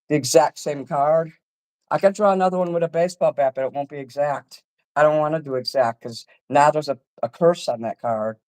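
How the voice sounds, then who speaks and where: Brief: agitated profane man on a call-in show, slightly high voice, rambling rant. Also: darkish tone, poor audio. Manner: angry, profane, repeats himself, talks over the other speaker. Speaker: artist ranting on a call-in show.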